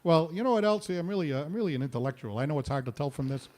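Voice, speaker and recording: Male comic host, fairly high voice, rapid pun-heavy banter, restaurant gig. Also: lively intonation, darkish tone, a little hiss or hum. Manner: punning, self-mocking, quick asides. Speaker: comedy show host. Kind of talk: stand-up jokes and banter.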